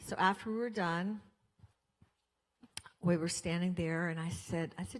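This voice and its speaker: A woman's voice: lowish voice, slow, pauses often. Older lady speaking at a church fundraiser, chatty, plays out the dialogue in her stories, big hall echo. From Colorado. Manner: chatty storytelling, acts out dialogue. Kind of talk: speech to an audience. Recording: long hall reverb.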